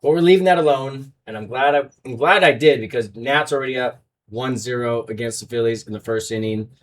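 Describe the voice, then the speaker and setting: A man's voice: mid-range voice, far from the mic. Casting: young male betting-show host, heated rant, sits back from the mic. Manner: heated, fast-swinging rant, loud then muttering. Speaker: sports betting podcast host. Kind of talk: ranting sports betting podcast.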